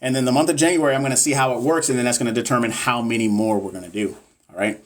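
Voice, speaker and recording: A man's voice: medium pitch, fairly even intonation, rapid-fire. A man tutoring nursing exam students on a casual livestream, reading viewer comments and chatting loosely with lots of fillers. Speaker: NCLEX tutor and course seller. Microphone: phone or webcam on a livestream.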